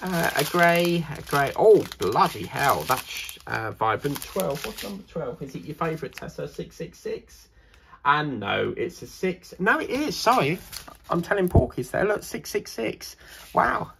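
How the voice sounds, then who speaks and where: Gravelly-voiced chatty British man. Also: on the high side, normal speed, a little hiss or hum. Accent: British English. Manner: chatty, rambling, excitable. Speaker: crafting channel host. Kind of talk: casual unboxing chat.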